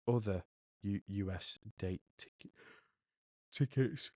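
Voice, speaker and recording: A man's voice: on the low side, slow, darkish tone, dry recording, studio quality. A young man hosting a podcast, rambling chattily and correcting himself as he goes. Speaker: podcast host. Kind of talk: casual solo podcast monologue.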